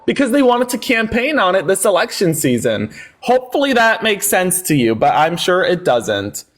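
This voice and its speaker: A man's voice: high voice, sing-song, moderate pace. A man hosting a heated livestream debate, mocking and sarcastic, who often talks over the caller.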